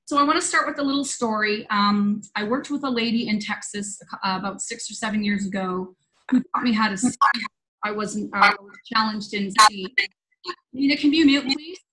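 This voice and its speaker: A woman's voice: mid-range voice, normal speed, bright, forceful tone, low-quality recording. A woman hosting a spiritual roundtable over a video call, telling a story in an earnest, loose, conversational way. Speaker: host.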